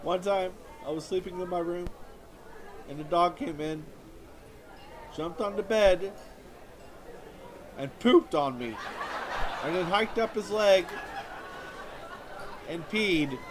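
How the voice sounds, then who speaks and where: A man's voice: high-pitched, slow, pauses often. A man performing a self-pitying stand-up comedy monologue on stage before a live audience. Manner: whiny, self-pitying storytelling. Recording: audience laughter and background noise.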